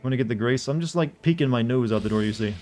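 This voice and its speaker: A male game streamer from the American South, talking casually and swearing freely. He chats with his viewers in a relaxed, offhand way while he plays. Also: mid-range voice, fast, faint music behind. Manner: loose and profane, chatting with viewers while playing. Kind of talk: casual livestream commentary.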